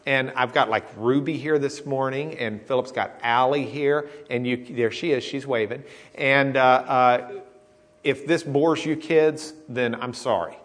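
A man's voice: mid-range voice, steady tone, unhurried, a bit bright. A man preaching a conversational teaching sermon, checking in with the congregation as he explains. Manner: conversational teaching, with frequent "okay?" checks and restarts. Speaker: pastor. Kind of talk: sermon, teaching Bible study.

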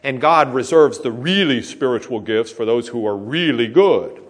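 In this conversational teaching sermon, a male pastor leads a Bible study, restarting often and asking "okay?" to check on the congregation. He speaks at a moderate pace in an expressive, medium-pitched voice.

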